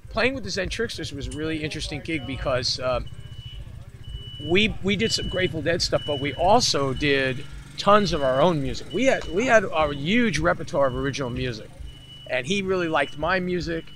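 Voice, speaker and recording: Lively New man telling stories. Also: fairly high pitch, normal speed, a little hiss or hum. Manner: animated storyteller who acts out other people's voices. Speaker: musician guest. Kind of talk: casual storytelling interview. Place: festival interview setting.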